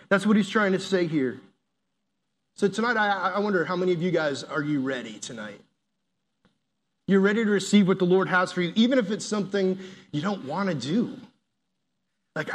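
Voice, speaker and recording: A youth pastor with a high voice gives a casual, jokey sermon, telling stories and laughing as he talks. He's animated, speaks at a moderate pace, and leaves long pauses.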